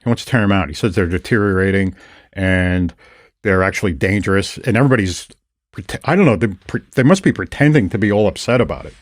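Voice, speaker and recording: An older man hosting a podcast, chatting casually and retelling his encounters with lively storytelling. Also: deep voice, fast, dry recording, clean studio sound. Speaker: podcast host. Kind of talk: casual conversation.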